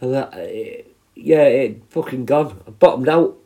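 A man's voice: medium pitch, expressive, measured pace, dark tone. A man in his fifties, a prison healthcare worker, tells stories in a rambling, sweary, casual way. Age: 50s. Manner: rambling and sweary, with many restarts. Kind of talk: casual storytelling.

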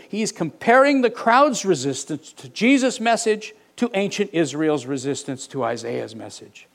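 A man preaching a sermon, reading scripture aloud with animated, mock-indignant asides. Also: high-pitched, a little slow, creaky, few pauses. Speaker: pastor.

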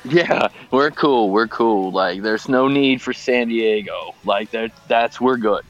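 A man's voice: mid-range voice, takes it slowly, lo-fi sound, faint music behind. A man in casual podcast chat, recalling tour stories in a laid-back, rambling way and laughing often. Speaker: podcast guest, former band member.

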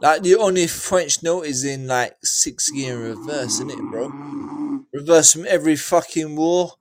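A man's voice: a little high, moderate pace. A drunk young man, live-streaming and ranting brashly to his chat with lots of swearing and slang. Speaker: livestreamer. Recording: noisy background.

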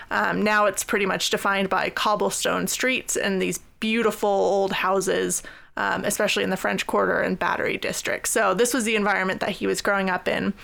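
Gravelly-voiced woman podcast co-host. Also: mid-range voice, a bit bright. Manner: laughs often, measured explaining with fillers. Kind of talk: casual chat, researched storytelling.

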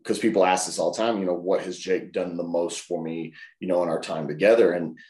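A man telling animated stories as an interview guest, acting out other people's voices. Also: low-pitched, brisk, roomy sound. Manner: animated, acts out voices in anecdotes. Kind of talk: casual storytelling in an interview.

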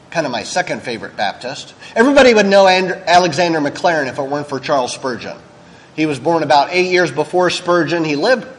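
A man's voice: fairly high pitch, in a large hall, poor audio. A male pastor delivering a sermon in a candid, conversational way, with frank asides.

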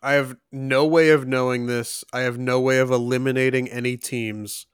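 A young man co-hosting a casual trivia contest, reading questions aloud and thinking out loud between laughs. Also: medium pitch, flat delivery, normal speed, clear, resonant tone, no room sound, studio quality.

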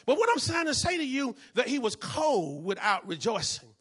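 Male pastor, high bright voice, call-and-response preaching. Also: very animated, normal speed, husky. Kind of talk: sermon.

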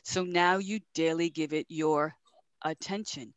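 A woman's voice: sits low, fairly even intonation, measured pace, no echo, dull audio. Woman spiritual teacher, rhythmic repeater, dry close sound. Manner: rhythmic, repeats words, laughs often.

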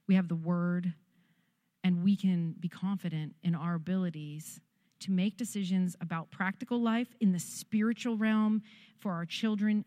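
A woman's voice: fairly low pitch, warm tone, dry recording. A middle-aged woman pastor, giving a conversational, encouraging sermon straight to her congregation.

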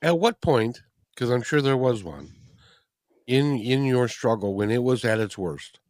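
A man interviewing a guest, measured and earnest, slightly hesitant. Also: mid-range voice, animated, darkish tone, no echo, studio quality. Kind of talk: interview questions.

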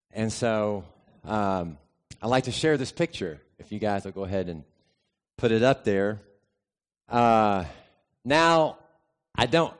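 Easygoing middle-aged male pastor preaching. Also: on the low side. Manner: conversational and easygoing, with frequent pauses. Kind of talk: sermon with personal storytelling.

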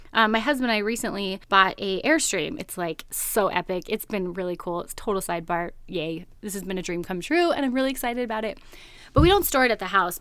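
A woman podcast host tells a personal story in a relaxed, chatty monologue. Her voice sits a little high, and she laughs often as she talks. The recording is dry and close, with no room echo.

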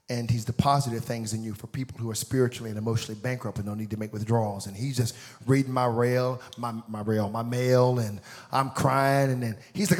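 A man in his forties preaching a sermon, telling a story with acted-out voices and building to shouted, sing-song peaks. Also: medium pitch, fairly even intonation, a little fast. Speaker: pastor.

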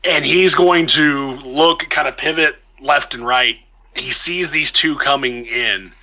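A man's voice: mid-range voice, takes it slowly, bright, forceful tone, poor audio. A man narrating a tabletop game as game master, in a casual way, stopping to correct himself as he goes. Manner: casual, stops to correct himself mid-sentence.

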